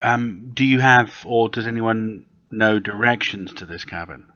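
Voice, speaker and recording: A man's voice: fairly low pitch, fairly even intonation, unhurried, pushed and bright, dry recording. A man playing a character in a tabletop game, speaking in a formal, old-fashioned way. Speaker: player. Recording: dull, dry recording.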